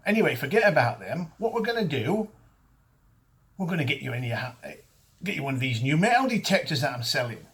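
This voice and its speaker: A man's voice: on the high side, big pitch swings, brisk, a bit bright. A man voicing a cheeky pub trader who pushes knock-off goods with matey, pushy patter. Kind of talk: mocking impression in a casual talk.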